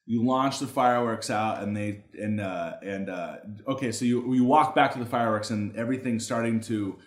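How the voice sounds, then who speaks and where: A man narrating as dungeon master, halting and full of restarts as he describes the scene. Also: on the low side. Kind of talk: narrating a tabletop game. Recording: roomy echo.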